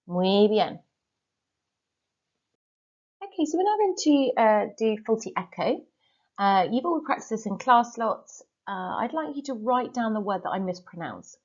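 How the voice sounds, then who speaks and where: A woman, a teacher giving a recorded lesson with clear, patient instructions and repeat-after-me drills. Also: a little high, big pitch swings, normal speed, muffled recording. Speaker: Spanish teacher.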